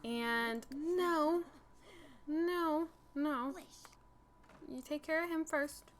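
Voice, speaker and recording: Chatty young woman, higher voice. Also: drawn-out words, a little hiss or hum. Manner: animated, breathless retelling with many "like" fillers. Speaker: gaming channel host. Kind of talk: storytime chat over gameplay.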